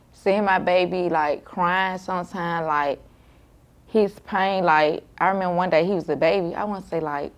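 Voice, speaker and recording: A mother, telling candidly and emotionally how she cares for her son with sickle cell. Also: on the low side. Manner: emotional, informal, frequent "like" and quoted self-talk. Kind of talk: candid personal storytelling.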